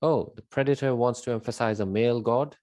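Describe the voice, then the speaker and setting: A man's voice: medium pitch, fairly quick, a little mellow, dry recording, studio quality. A man giving an unscripted spiritual monologue, emphatic and rambling, repeating his key words with many fillers. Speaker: spiritual teacher.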